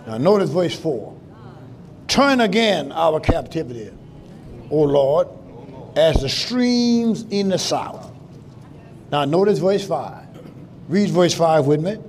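A man pastor preaching a sermon in call-and-response style, breaking into shouts, in a church. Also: fairly high pitch, expressive, slow pace, long pauses. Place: church sanctuary. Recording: live church with congregation responding.

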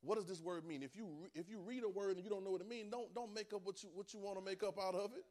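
High-voiced male preacher teaching scripture, emphatic and repetitive, calls listeners to answer. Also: fast, a little mellow. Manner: emphatic, repeats phrases, calls for responses from listeners. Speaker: preacher teaching a Bible class. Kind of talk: sermon.

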